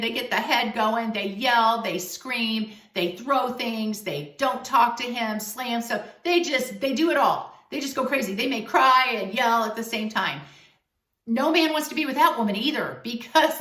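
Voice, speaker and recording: A woman relationship coach giving emphatic, animated advice straight to camera in a vlog. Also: fairly high pitch. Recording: echoey room, voice distant from mic.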